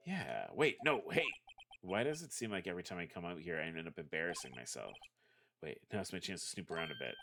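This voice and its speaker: A man's voice: low voice, expressive, fairly quick, background noise. A man livestreaming a courtroom game, reading the hero's lines aloud and adding self-mocking asides. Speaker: streamer.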